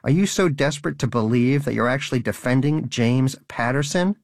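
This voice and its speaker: A man's voice: medium pitch, a little fast, vocal fry, dry recording, studio quality, pitched above the performer's own voice, lightly acted. A man voicing Danish, a haughty, sarcastic male pet rodent with a scornful, theatrical manner.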